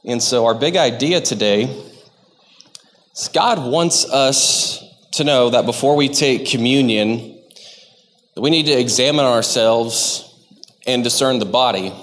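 A man's voice: mid-range voice, measured pace, long pauses, a bit bright, in a large hall. A man from Texas, giving a sermon to his church in a conversational, self-deprecating way, often stopping and restarting his sentences. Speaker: lay preacher. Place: church sanctuary.

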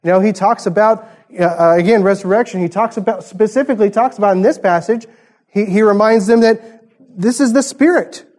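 High-voiced man teaching a sermon. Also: fairly quick, a little mellow. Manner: conversational Bible teaching with rhetorical questions. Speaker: pastor.

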